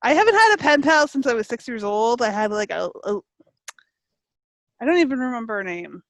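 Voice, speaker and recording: A Canadian woman chats away on a podcast, fillers and giggles spilling through her stories. Her voice sits a touch high and the room around her is dry and close. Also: animated, fairly quick, fairly bright tone, no echo. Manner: chatty, laughs often, many fillers. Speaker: podcast co-host. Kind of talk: casual chat.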